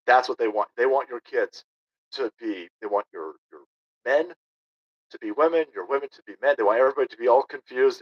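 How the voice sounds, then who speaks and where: A man's voice: mid-range voice, husky. A man in his thirties hosting a livestream, ranting sarcastically and combatively and reading viewer chat aloud. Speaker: political livestream host. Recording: dull lo-fi stream audio.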